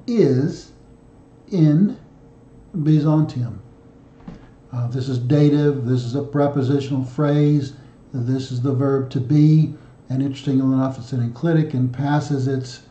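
A man doing his study homework aloud on camera, reading through word endings one by one in a slow, methodical way. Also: mid-range voice, dark tone, roomy sound. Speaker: founder of a study group, self-taught student. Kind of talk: solo study video, reading declensions aloud.

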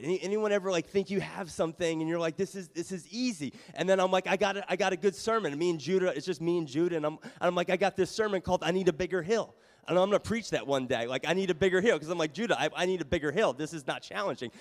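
A man pastor preaching a sermon and telling a personal story in a lively, self-mocking way, recorded in a church sanctuary. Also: sits high. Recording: long reverb of a church hall.

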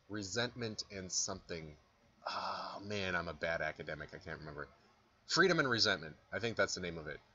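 A man's voice: sits low, bright, forceful tone, highs cut off, a little hiss or hum. A young man, a philosophy lecturer, giving a casual recorded lecture, chatty and self-deprecating, acting out examples as he goes.

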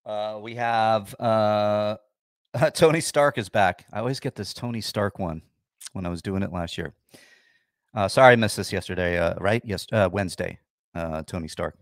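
A man's voice: on the low side, moderate pace, no room sound, clean studio sound. A man hosting a casual livestream, chatting with viewers in a sarcastic, grumpy way. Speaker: livestream host.

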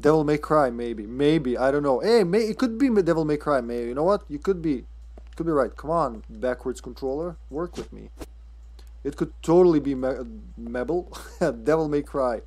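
A man's voice: a little high, lively intonation, normal speed, darkish tone, slightly rough. A man streaming a horror game live, commenting casually, often stammering, swearing and laughing.

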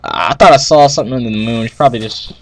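A young man casually chatting and laughing while playing a co-op game, exclaiming loudly at every mishap. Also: medium pitch, fast talker. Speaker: Minecraft co-op player. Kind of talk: casual gameplay chat.

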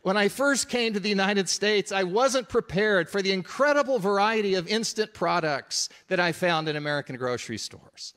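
A man's voice: high-pitched, lively intonation, normal speed, hardly any pauses, a bit bright. A preacher voicing a male Russian immigrant comedian with a put-on Russian accent, wide-eyed. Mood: amazed. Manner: wide-eyed, punchline delivery.

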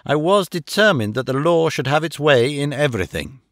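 Guy reading an old detective story, dramatic and measured, slightly high voice, dry close mic. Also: expressive, no echo. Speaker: audiobook narrator. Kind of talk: scripted narration.

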